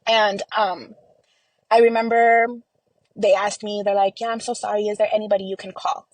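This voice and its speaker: Poor, echo-free audio captures a young Texan woman recounting a painful family story as a podcast guest, close to the mic. She acts out people's words with lots of "like"s and fillers, speaking at a moderate pace in a medium, darkish voice with little pitch movement.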